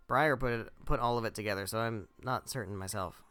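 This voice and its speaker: Smooth-voiced joking gaming host, man. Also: mid-range voice, lively intonation, normal speed, pauses often, fairly bright tone, faint music behind. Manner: joking, swears casually, laughs at the game. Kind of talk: casual Let's Play commentary.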